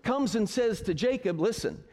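A man's voice: high-pitched, animated, normal speed. A man teaching a Bible story to a group in a joking, sarcastic way. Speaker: pastor. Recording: reverberant hall.

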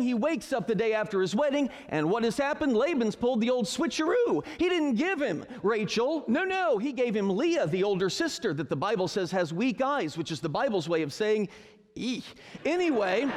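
Joking, high-voiced male preacher. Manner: joking, sarcastic storyteller. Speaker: pastor. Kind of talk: humorous Bible teaching. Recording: reverberant hall.

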